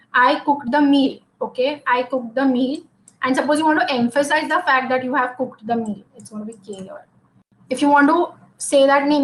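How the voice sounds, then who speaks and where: A woman gives a grammar lesson, with a high-pitched voice. She explains each point patiently, step by step, and checks in with the class by asking "okay?" after nearly every example. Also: a little hiss or hum, rough recording. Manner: explanatory, says "okay?" often. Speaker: English grammar teacher. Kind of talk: classroom lecture.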